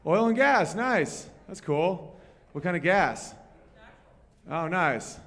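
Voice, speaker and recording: A man doing loud, profane crowd work at a piano, teasing someone in a bar. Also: high voice, lively intonation, slow pace. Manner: loud, brash and profane, teasing an audience member. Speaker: comedian at the piano. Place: bar or club room. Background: faint piano.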